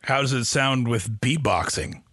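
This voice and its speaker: A man's voice: medium pitch, measured pace, bright, forceful tone, husky, no room sound, clean studio sound. A man co-hosting a casual podcast, playful and jokey, drawing out his words, in a small room with poor acoustics. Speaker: podcast co-host.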